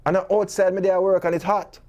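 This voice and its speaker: Jamaican male talk host, warm low-key tone, animated patois storyteller and preacher. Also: a little fast. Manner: preachy, full of rhetorical questions. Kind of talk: talk show monologue.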